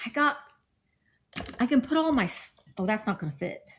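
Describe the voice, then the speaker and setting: A middle-aged woman with a fairly high, animated voice talks at a normal speed. She's a thrift vlogger doing a casual haul show-and-tell, rambling as she shows off her finds and chatting with friends nearby.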